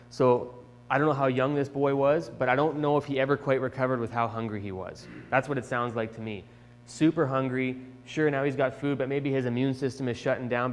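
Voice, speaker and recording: A young man telling a children's Bible lesson in a chatty, animated way, with restarts, in an echoey church hall. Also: mid-range voice, a little hiss or hum. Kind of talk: casual Bible storytelling for children. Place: church sanctuary.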